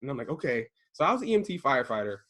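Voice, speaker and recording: A man in his thirties from Maryland telling a story in casual chat, acting out the quotes with lively jumps in his voice. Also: very fast. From Prince George's County, Maryland. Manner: animated, acts out quotes with big jumps in pitch. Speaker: podcast co-host telling a story.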